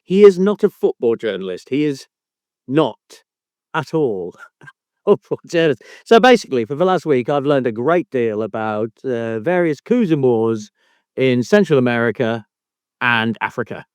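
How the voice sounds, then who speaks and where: A man's voice: mid-range voice, sing-song, normal speed, darkish tone, clear, resonant tone, no room sound. A male podcast host in casual banter, teasing his co-host with mock outrage and frequent swearing.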